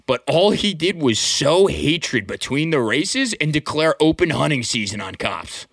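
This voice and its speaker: A man's voice: on the high side, sing-song, unhurried, creaky, few pauses, a bit bright, no room sound, studio quality. A young man in casual podcast chat, telling stories full of "like" and "dude" and acting out the voices of the people he quotes. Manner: filler-heavy, says "like" and "dude" a lot.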